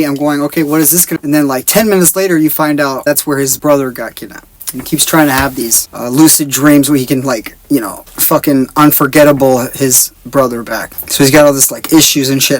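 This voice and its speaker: A man's voice: on the high side, fairly even intonation, brisk, dry recording. A young man giving a stoned, profane, rambling movie review, exasperated and full of filler words.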